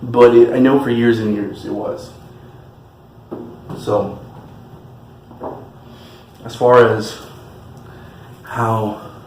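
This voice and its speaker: A man's voice: mid-range voice, little pitch movement, very slow, long pauses, a little mellow, a little hiss or hum. A man from California giving an enthusiastic, chatty tasting review as the host of his channel. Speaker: spirits reviewer. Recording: echoey room with faint music.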